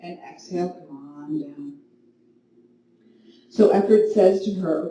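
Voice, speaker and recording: Slow, mellow woman teaching yoga. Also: lowish voice. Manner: calm, gentle spoken cues. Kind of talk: guided yoga class with storytelling. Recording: very echoey room, mic at a distance, faint noise.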